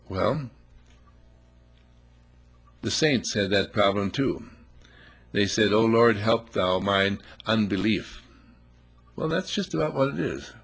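A man's voice: medium pitch, slightly rough. A man preaching a sermon, emphatic and full of rhetorical questions, acting out little scenes as he goes.

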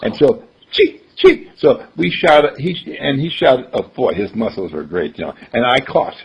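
Medium in pitch and sing-song at a moderate pace, this older man's husky, gravelly voice carries a conversational talk. He acts out the quoted voices in his stories and chuckles frequently; the recording is dull and lo-fi.

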